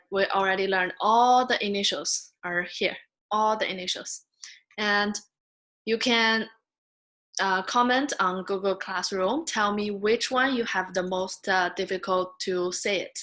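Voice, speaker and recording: Woman, very slow patient teacher, drawn-out drilled syllables, beginner lesson. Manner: patient, drawn-out, models sounds loudly and high. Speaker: Mandarin teacher.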